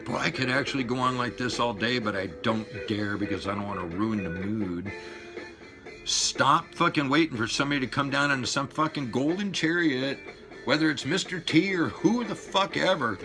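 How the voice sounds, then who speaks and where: A man in his sixties ranting and swearing at his viewers, loud one moment and muttering low the next. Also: normal speed. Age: 60s. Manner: fired-up, profane, swings between shouting and low mutters. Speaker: vlogger. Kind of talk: profane rant to camera. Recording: music playing behind the voice.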